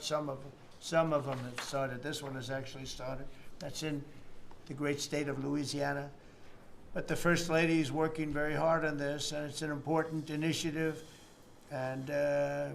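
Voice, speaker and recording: A man's voice: fairly high pitch, vocal fry, slight background noise. A man in his seventies with an American accent, a politician giving rambling, repetitive, boastful off-the-cuff remarks at a meeting, with mocking asides. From United States. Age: 70s. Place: indoor meeting room.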